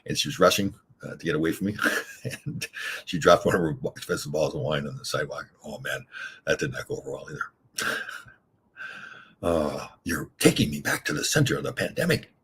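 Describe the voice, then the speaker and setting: A man's voice: animated, brisk, fairly bright tone. An older man hosting a casual livestream, rambling candidly through stories and viewer comments, chuckling as he goes. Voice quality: very husky low voice. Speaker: livestream host reading chat.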